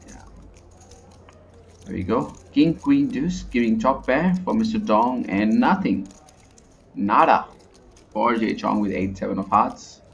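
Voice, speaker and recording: A man's voice: lowish voice, unhurried, creaky, pauses often, a little hiss or hum. A man with an Indian accent giving chatty, analytical live poker commentary, often restarting his sentences. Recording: muffled lo-fi sound.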